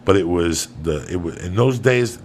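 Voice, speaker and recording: A man hosting a podcast, telling a long personal story in casual, profanity-laced talk, swinging between loud bursts and hushed asides. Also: low-pitched, moderate pace, vocal fry, a little hiss or hum. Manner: profane, animated storyteller who drops to hushed tones for quotes. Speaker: podcast host.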